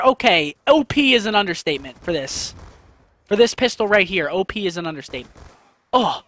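A high, bright-voiced man talking through a shooter match as a gaming host. His delivery is excitable and full of slang, jumping into loud, cursing outbursts. The sound is dry and close. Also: fairly quick, no room sound. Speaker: gaming YouTuber. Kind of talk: live gameplay commentary.

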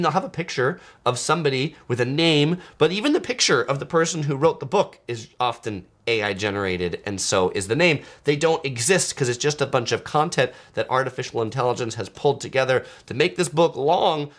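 A chatty male host on a travel livestream, keeping an easygoing, conversational tone. His voice sits at an ordinary middle pitch, and he drops in plenty of "uh" fillers as he riffs on viewer comments. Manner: chatty and relaxed, with frequent "uh" fillers. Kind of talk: casual livestream chat reading viewer comments.

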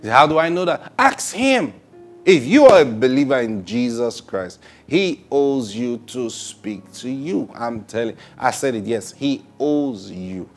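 A man preaching a sermon, laughing often and repeating praise, swinging between loud bursts and hushed, drawn-out phrases. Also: medium pitch, expressive, soft background music. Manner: laughs often, repeats "Praise God", asks rhetorical questions.

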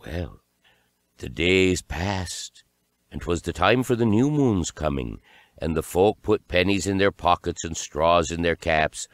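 A man reading a fairy tale aloud as narrator, in slow, deliberate storytelling. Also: low-pitched, lively intonation, no room sound.

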